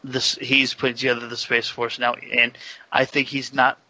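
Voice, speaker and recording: A man co-hosting a radio talk show, halting and restarting as he puts forward his point. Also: mid-range voice, little pitch movement, sharp tone, no room sound, muffled recording.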